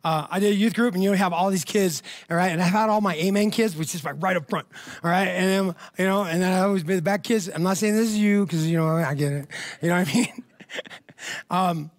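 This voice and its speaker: A man's voice: sits high, fairly quick. A male pastor preaching a sermon in a church, telling a story in a conversational way and calling for amens.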